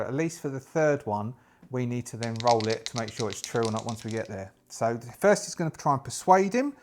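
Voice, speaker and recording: A man's voice: medium pitch, darkish tone, slight background noise. Man narrating a solo dice game. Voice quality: thinks aloud while rolling dice, stop-start restarts. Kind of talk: casual solo actual-play narration.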